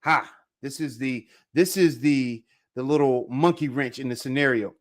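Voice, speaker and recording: A man's voice: medium pitch, normal speed. A man teaching a live online language lesson, upbeat and talking straight to viewers in the chat, often saying "all right". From Jamaica. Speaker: Spanish teacher.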